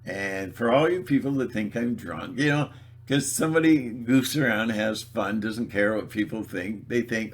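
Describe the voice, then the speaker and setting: A man's voice: fairly low pitch, moderate pace. A man video blogging in a rambling, theatrical, joking monologue.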